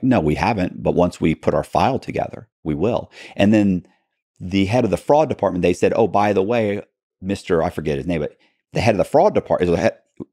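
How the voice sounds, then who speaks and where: Man, low voice, interview guest, storytelling, quoted dialogue, restarts, dry recording. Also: vocal fry, a little mellow, dry recording.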